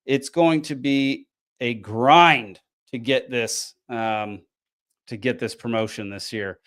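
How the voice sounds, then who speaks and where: A man's voice: medium pitch, slow pace, fairly bright tone. A tired man, hosting a casual podcast and recapping a frustrating match with lots of ums and restarts. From American South. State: tired, yawning. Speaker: podcast host.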